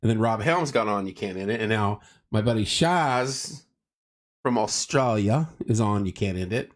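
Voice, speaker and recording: A man's voice: lowish voice, lively intonation, moderate pace. A tired man hosting a casual late-night livestream, joking around and reading viewer comments aloud. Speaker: livestream host.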